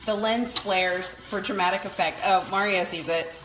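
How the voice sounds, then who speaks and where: A woman co-hosting a cooking show, giving brief relaxed replies and passing along viewer comments. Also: medium pitch, normal speed, reverberant, noisy background. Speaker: co-host reading viewer comments. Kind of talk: casual chat. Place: kitchen studio.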